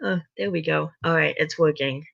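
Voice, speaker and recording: A tired young woman on a casual livestream, chatting hesitantly between stretches of reading aloud. Her voice is low and gravelly but bright in tone. The recording is dull and lo-fi. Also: normal speed. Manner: chatty, hesitant, self-correcting. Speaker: livestream host reading a story. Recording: dull lo-fi sound.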